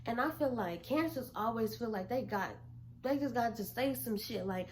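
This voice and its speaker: Young woman vlogger, pitched a bit high, blunt and animated, casual storytime delivery. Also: normal speed, slight background noise. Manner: animated, blunt, swears freely.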